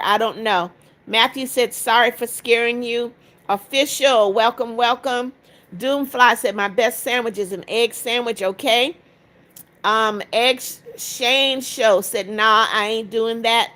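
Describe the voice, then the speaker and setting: A woman in her seventies with a slightly high voice hosts a live stream, greeting each viewer by name and reading their comments aloud. She is motherly but turns firm with rude viewers. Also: fairly bright tone. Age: 70s. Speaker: livestream host.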